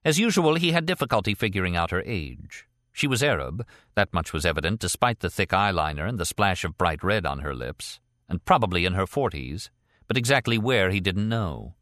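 A man with a deep voice reads a novel aloud, letting his pitch rise and fall widely as he tells it. The sound is close and completely dry, with no room around it. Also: big pitch swings, fairly quick, fairly bright tone, no echo. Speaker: audiobook narrator. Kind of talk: scripted narration.

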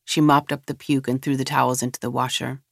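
A narrator reads a novel in a measured, steady way. The voice sits in the middle range. The recording is dry and close, with no room sound. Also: medium pitch, vocal fry, no echo.

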